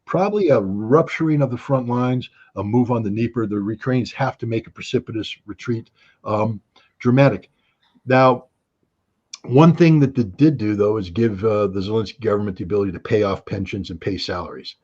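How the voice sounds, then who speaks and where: A man's voice: fairly low pitch, normal speed, a little mellow, husky, highs cut off. A man speaking as an interview guest, blunt and sardonic in casual talk. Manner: blunt, sardonic, with short laughs.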